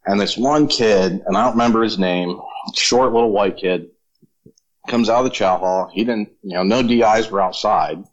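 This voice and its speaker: A man and former Marine telling casual, profane stories in relaxed chat. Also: on the low side, moderate pace, dull audio. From Florida. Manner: profane, laid-back storyteller. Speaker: podcast guest, former Marine.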